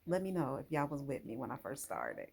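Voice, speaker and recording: A woman's voice: very deep voice, wildly swooping pitch, fairly quick, creaky, darkish tone, slightly rough. A woman hosting a casual how-to vlog, chatting straight to her viewers while she works with her hands. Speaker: hair vlogger.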